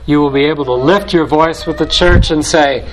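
A man preaching a sermon in a slow, deliberate way, building solemn repeated phrases. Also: fairly high pitch, background noise.

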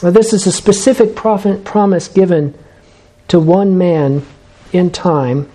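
A man preaching a sermon, measured and emphatic, slowing down to stress key phrases. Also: sits high, fairly even intonation, warm tone.

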